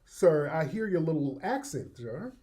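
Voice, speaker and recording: A man's voice: a little high, big pitch swings, a little slow, mellow. A man hosting a live call-in room, combative and repetitive, talking over his callers. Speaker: host.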